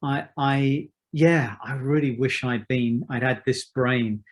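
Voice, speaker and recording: A man in his fifties, a musician being interviewed, who talks in a thoughtful, measured way with many restarts. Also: medium pitch, steady tone. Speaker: musician guest. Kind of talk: reflective interview talk.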